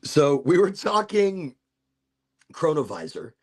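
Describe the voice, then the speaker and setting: Man, middle-aged, gravelly husky voice, lively pitch, loose rambling storytelling, swears freely. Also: takes it slowly. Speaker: podcast host. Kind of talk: casual storytelling chat.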